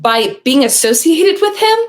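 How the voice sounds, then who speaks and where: Woman, podcast host, emphatic, enthusiastic, casual conversation, high pitch. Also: sing-song, measured pace.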